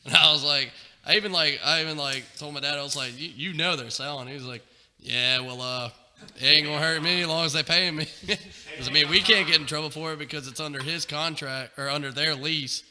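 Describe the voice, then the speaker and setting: A man's voice: on the high side, fairly even intonation, fairly quick, bright, forceful tone. Laid-back swearing young man, roomy. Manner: rambling, laughing, swearing freely. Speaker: podcast co-host. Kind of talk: casual storytelling chat. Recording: roomy reverb with faint noise.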